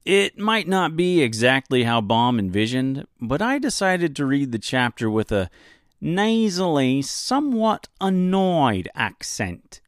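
A man's voice: medium pitch, very animated, normal speed, hardly any pauses, fairly bright tone, clear, resonant tone, no room sound, studio quality. A man hosting an audiobook podcast, giving wry, self-deprecating commentary.

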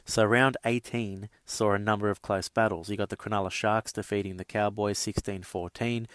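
Flat-voiced man chatting sports news. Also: lowish voice, moderate pace, clear, resonant tone, dry recording. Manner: chatty, many uh fillers, addresses listeners as guys. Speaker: podcast host. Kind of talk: casual sports news rundown.

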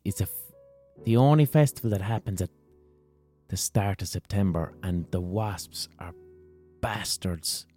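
Deep, mellow-voiced Irish man ranting. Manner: sweary, rambling and animated. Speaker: podcast host. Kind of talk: casual monologue.

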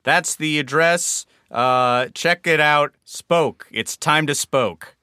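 A man reads a web address for an ad, stretching every word out extremely slowly. His voice is bright and fairly high, and the sound is dry. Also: smooth, no room sound.

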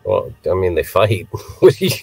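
A man co-hosting a podcast in casual chat, tossing in quick quips and puns. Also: deep voice, sing-song, a little mellow, breathy edge, no echo, faint music behind. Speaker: podcast co-host.

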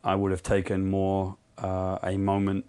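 A man's voice: deep voice, measured pace, clean tone. A man, a podcast guest telling stories in casual, self-mocking chat. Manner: self-mocking, animated storyteller.

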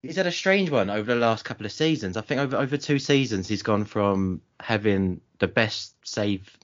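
Low-voiced man talking football. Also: animated, normal speed, highs cut off. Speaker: podcast co-host. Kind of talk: casual football chat.

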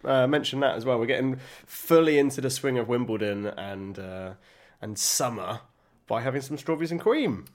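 A man's voice: medium pitch, animated, a little fast. A man co-hosting a casual podcast, talking in a hesitant way with frequent stammers and restarts. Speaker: podcast co-host. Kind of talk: casual chat.

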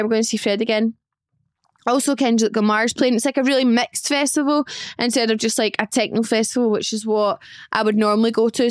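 A woman in her twenties hosting a podcast, talking alone in a chatty, excitable, self-mocking way about her life. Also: fairly high pitch, clean tone, dry recording, clean studio sound. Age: 20s. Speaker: podcast host. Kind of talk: casual solo life-update chat.

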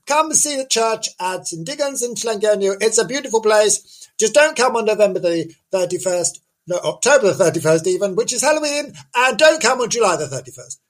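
A man's voice: high-pitched, pitched above the performer's own voice. A man voicing a flustered, chatty middle-aged woman field reporter who gushes breathlessly and repeats herself. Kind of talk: comic radio sketch.

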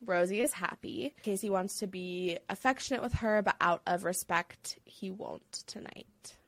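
Woman podcast co-host, mid-pitch voice, measured reasoned recap chat, dry sound. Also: a bit bright, no room sound. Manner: measured, reasoned, weighs both sides.

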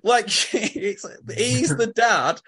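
A man's voice: very high-pitched, slow pace, a bit bright. A man from England co-hosting a podcast, chatting casually and swearing as he recaps a soap. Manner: sweary, chatty, laughs often. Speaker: podcast co-host.

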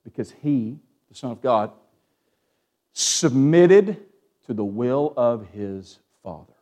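A man preaching a sermon as pastor, asking the congregation for amens and dropping from raised, urgent lines to hushed ones. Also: medium pitch, expressive, slow pace. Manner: Southern-tinged preaching with call-and-response "amen?", swings from hushed to raised.

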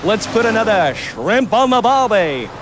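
Dim-witted young driver, chirpy and giggly, bouncy high voice, street traffic behind. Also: male voice, very animated, a little slow. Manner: chirpy, giggly, clueless small talk. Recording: film clip with street traffic noise.

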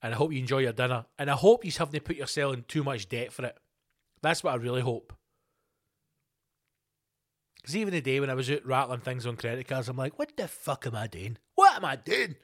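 A middle-aged Scottish man hosting a podcast, ranting alone in a sweary, animated, storytelling way. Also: mid-range voice, fast talker. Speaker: podcast host. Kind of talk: casual solo rant.

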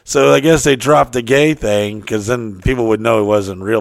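A man co-hosting a casual chat, telling profane stories with lively voiced impressions. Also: lowish voice, normal speed, creaky, dry recording, studio quality. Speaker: podcast co-host.

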